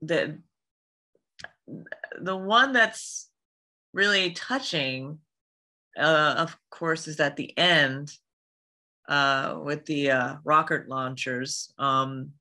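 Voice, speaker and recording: A voice actress guest talking casually in an interview, reflective and hesitant. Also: female voice, deep voice, extremely slow, long pauses, pushed and bright. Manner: reflective, laughing, hesitant with fillers.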